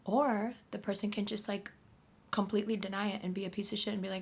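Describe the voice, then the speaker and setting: A woman giving a casual astrology reading to camera, blunt and profane, often talking in a soft half-whisper. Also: medium pitch, steady tone, fast, slightly rough. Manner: blunt and profane, addressing the viewer directly. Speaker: astrology reader.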